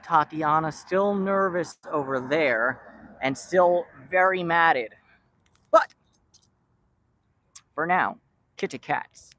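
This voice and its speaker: A man's voice: on the high side, takes it slowly, pauses often, bright, forceful tone, no room sound. A man vlogging outdoors while feeding rescued street cats, rambling affectionately and teasing the cats by name. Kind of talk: casual chat to camera and to cats. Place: outdoors by a shipping container.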